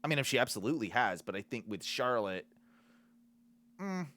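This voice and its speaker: A man's voice: mid-range voice, sing-song, a little fast, bright, forceful tone. A man co-hosting a podcast in casual chat, hesitant, often restarting and hedging his points. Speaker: podcast co-host.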